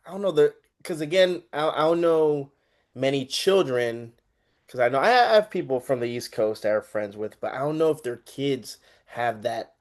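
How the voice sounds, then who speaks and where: A man hosting a podcast, telling stories in a casual chat, animated and laughing often. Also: medium pitch, moderate pace. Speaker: podcast host.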